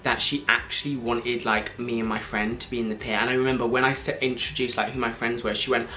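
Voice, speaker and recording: A man in his twenties, telling a story to camera in an excited, gushing way, full of "like" and breathless restarts. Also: medium pitch. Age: 20s. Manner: gushing, fast, filler-heavy with frequent "like". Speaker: vlogger.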